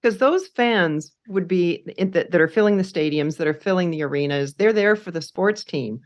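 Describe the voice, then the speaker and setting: A woman hosting a podcast interview, supportive and quick with short affirmations. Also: lowish voice, animated, muffled recording. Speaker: podcast host. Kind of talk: casual interview talk.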